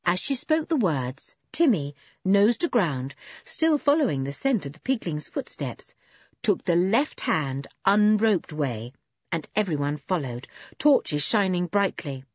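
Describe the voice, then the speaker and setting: A woman reading a children's adventure story aloud with expressive narration. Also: fairly low pitch, unhurried, husky, no room sound, dull audio.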